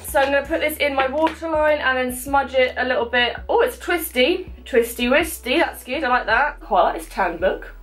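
A young woman in her twenties with a fairly high-pitched voice, chatting casually as she does her makeup at home. She is self-mocking and talkative, narrating each product as she puts it on, with faint music behind her. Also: a bit bright. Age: 20s. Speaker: beauty vlogger. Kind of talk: casual makeup tutorial chat.

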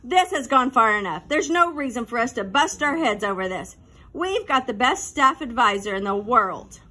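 A woman's voice: fairly high pitch, expressive, moderate pace, pushed and bright. A woman voicing a firm, indignant fifth-grade girl who takes charge, in a storybook reading. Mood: bossy.

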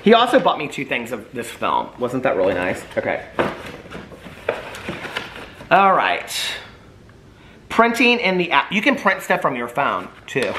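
Male vlogger, casual at home, self-mocking and rambling, animated delivery with a faint hiss behind. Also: mid-range voice, measured pace, pauses often, echoey room. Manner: self-deprecating, laughing often, rambling. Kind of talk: casual chat to camera. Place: at home, room with ring light.

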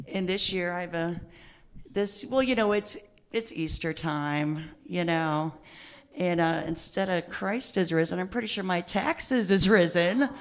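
A woman hosting a comedy show at a small arts centre, telling rambling stories with filler words before introducing the next act. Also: fairly low pitch. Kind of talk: stand-up host chat.

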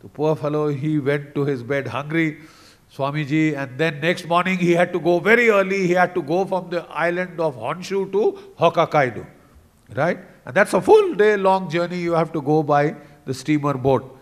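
High-voiced Indian English storyteller, older man. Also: normal speed. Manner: animated anecdote-telling, mixing in Hindi phrases. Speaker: conference speaker. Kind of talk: storytelling speech.

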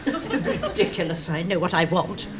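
A haughty demanding customer. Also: female voice, fairly low pitch, sing-song, unhurried, background noise. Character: haughty middle-aged woman customer. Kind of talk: 1970s sitcom acting.

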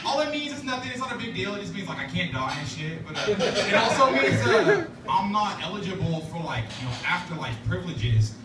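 A high-pitched, sing-song male comic speeds along a little fast with hardly a pause during his open-mic stand-up at a laundromat café venue. Loose and profane with many fillers, he's captured in a noisy, distant, roomy live recording amid laughter and chatter.

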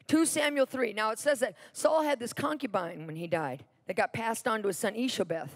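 Woman preacher with a fairly high voice who drives home a sermon story through repetition. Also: fairly quick. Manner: animated Bible storytelling with repetition.

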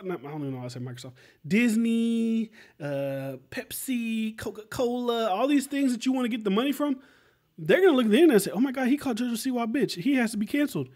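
A man hosting a podcast, giving casual commentary in a rambling, animated way, full of fillers and rhetorical questions. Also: high-pitched. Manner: rambling, animated, lots of "like" and "right?". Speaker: podcast host.

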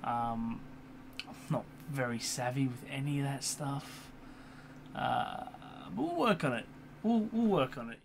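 A young man talks in a loose, rambling way, full of fillers, restarts and casual swearing. His voice sits at an ordinary middle pitch. A computer fan hums faintly behind him. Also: lively intonation, unhurried, vocal fry. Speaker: YouTuber. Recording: computer fan hum in background.

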